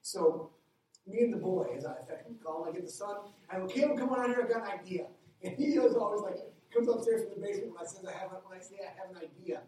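A middle-aged man, a pastor, preaching a sermon with a lively personal story, his voice climbing when he gets excited. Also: very fast, far from the mic, slight background noise. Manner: animated storytelling, jumps higher when excited. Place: church hall. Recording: echoey hall, heard from afar.

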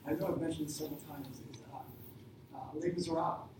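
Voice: mid-range voice, steady tone, fairly quick. A pastor preaching a conversational sermon who retells a story, acting out short lines for its characters. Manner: conversational, retells stories with quoted voices. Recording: very echoey hall, distant mic, noisy.

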